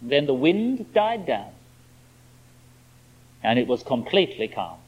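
A man's voice: mid-range voice, very animated, slow pace, breathy edge. A man preaching a sermon, explaining a scripture passage in an emphatic, expository way. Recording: dull lo-fi sermon recording.

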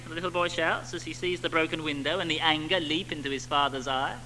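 A man preaching a sermon to a congregation, animated, with rhetorical tag questions and little acted-out quotes. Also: on the high side, fast talker, a little hiss or hum, low-quality recording.

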